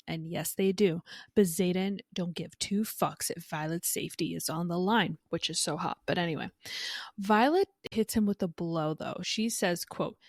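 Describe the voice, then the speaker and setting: A woman's voice: mid-range voice, moderate pace, dry recording, clean studio sound. A woman co-hosting a podcast, recapping a book chapter by chapter in a chatty way, swearing freely and reading out quoted lines. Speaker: podcast co-host.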